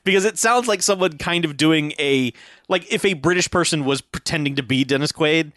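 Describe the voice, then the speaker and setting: A man's voice: fairly high pitch, a little fast, no echo, clean studio sound. A man chatting casually as a podcast co-host, laughing often and acting out lines from a film. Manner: animated, laughs often, acts out quotes. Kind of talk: casual movie recap chat.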